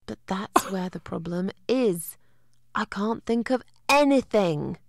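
A woman's voice: expressive, slow, gravelly, no echo. An actress voicing a lonely, weary woman in her forties in a game, grudging and sardonic. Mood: exasperated. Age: 40s. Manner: grudging, sardonic, low-key. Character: lonely weary middle-aged woman, reluctant and dry. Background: game music.

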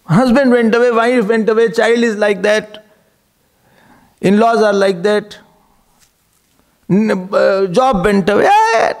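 A man's voice: high voice, lively intonation, takes it slowly, pauses often. A man giving a spiritual discourse, asking rhetorical questions and chuckling often. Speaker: spiritual teacher.

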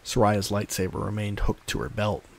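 A man narrating a fan story in a calm, steady storytelling manner. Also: fairly low pitch, normal speed. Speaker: audiobook narrator.

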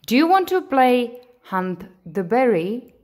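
A woman voicing a chirpy young male bunny in a storybook reading, calling out brightly. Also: a little high, big pitch swings, takes it slowly, pitched above the performer's own voice, heavily acted.

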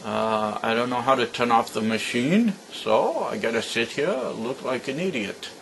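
A man's voice: mid-range voice, animated, normal speed, a bit bright, a little hiss or hum. An old man telling a joke to the camera at home, grumbling and swearing as he rambles. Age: older. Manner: grumpy, profane, rambling. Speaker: joke teller.

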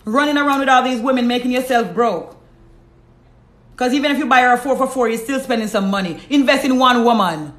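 A woman with a Jamaican accent talks bluntly into her live stream, lecturing her viewers and answering their comments. Her voice sits a little high and rings in a roomy, echoey space. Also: fairly quick. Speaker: host. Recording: roomy echo.

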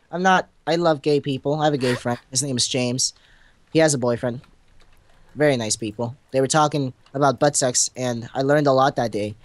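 A young man co-hosting a casual game let's-play, rambling goofily with melodramatic outbursts. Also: medium pitch. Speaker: gaming channel co-host.

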